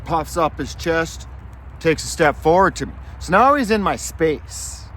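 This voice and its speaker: A man's voice: a little high, expressive, unhurried, a bit bright. A man telling a story in a casual, profane and rambling way, angry as he talks. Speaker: vlogger.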